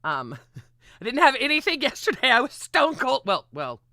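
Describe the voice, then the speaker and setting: A woman hosting a livestream in casual, rambling chat, excitable and often swearing. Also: sits high, moderate pace, dry recording, clean studio sound. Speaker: livestream host.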